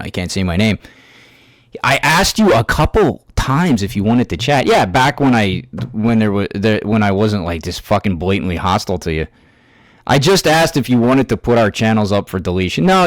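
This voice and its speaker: A man's voice: on the low side, no echo. Angry, foul-mouthed man ranting, dry sound. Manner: angry, heavily profane ranting; halting, with restarts and fillers. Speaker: YouTube commentator. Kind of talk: ranting reaction commentary.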